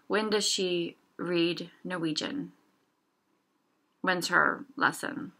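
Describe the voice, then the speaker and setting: A young woman teaching a casual language lesson, slowly sounding out example words one at a time. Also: fairly low pitch, pushed and bright.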